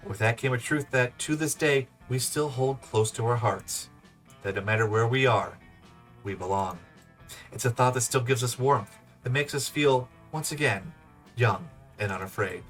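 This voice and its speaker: A man's voice: mid-range voice, moderate pace, fairly bright tone. A man hosting a casual let's play, chatting, laughing and reading the game text aloud. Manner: chatty, giggly, loose. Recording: off-mic with faint music.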